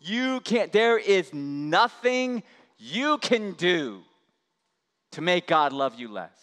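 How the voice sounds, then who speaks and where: A pastor preaching a sermon in an impassioned, emphatic way, building through repetition. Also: male voice, sits high, sing-song, slow pace, fairly bright tone. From United States. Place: church sanctuary. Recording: long hall reverb.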